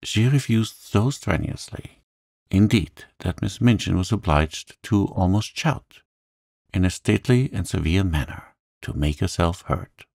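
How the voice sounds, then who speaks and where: Slow, deep sleep-story narrator. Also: male voice, creaky, dry recording, studio quality. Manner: slow, calm and gentle. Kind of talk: calm sleep story reading.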